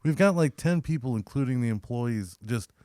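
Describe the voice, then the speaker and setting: Profane, animated man telling a story. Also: medium pitch, normal speed, no echo, clean studio sound. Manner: profane, animated storyteller who acts out quotes. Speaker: podcast co-host. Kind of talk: casual storytelling chat.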